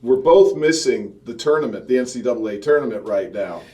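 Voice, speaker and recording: A man's voice: mid-range voice, lively intonation, fairly quick, warm tone. A man hosting a podcast, chatting with a guest and signing off the show in an upbeat way. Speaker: podcast host. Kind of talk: casual interview and show outro. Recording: voice a bit distant from the mic.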